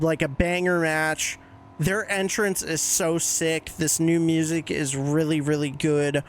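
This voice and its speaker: A young man casually recapping wrestling shows as a podcast host, excitable and swearing freely, jumping into quick voices when he quotes people. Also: fairly high pitch, slight background noise.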